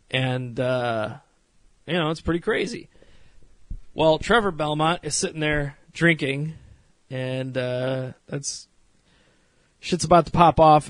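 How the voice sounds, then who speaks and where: A man hosting a casual podcast review, rambling through scenes with plenty of fillers and swearing, and now and then putting on quick voices. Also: on the high side, fairly bright tone, no room sound. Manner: retells scenes with mock voices. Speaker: podcast host reviewing a series.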